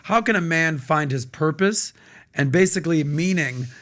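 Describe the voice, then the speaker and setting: An American man hosts a casual podcast chat, speaking at normal speed in a slightly high voice. Energetic and agreeable, he hypes up his guest.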